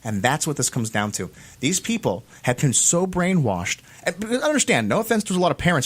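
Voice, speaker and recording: An American man co-hosting a political commentary show. His voice sits a little high and moves through a wide, lively range. He talks with emphatic insistence and repeats key phrases for stress. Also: a little fast, hardly any pauses, slightly rough. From United States.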